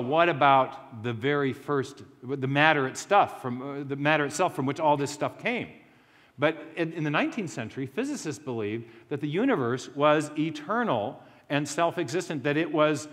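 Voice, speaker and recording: Male lecturer, slightly high voice, rambling anecdotal delivery with restarts and self-mocking humor, long hall reverb. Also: fairly bright tone. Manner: anecdotal storytelling with frequent restarts. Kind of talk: public lecture.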